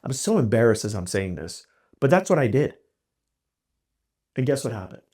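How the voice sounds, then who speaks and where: A man hosting a podcast, telling a candid, self-deprecating story in a casual, animated way. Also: mid-range voice, moderate pace, slightly rough. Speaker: podcast host.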